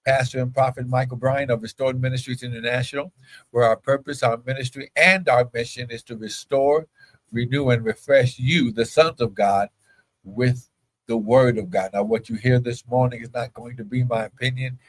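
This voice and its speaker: Male pastor, fervent preaching with bursts of shouted praise, mid-pitched voice. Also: steady tone, moderate pace, rough recording. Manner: preaching with sudden loud cries and speaking in tongues. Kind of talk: livestream sermon with prayer.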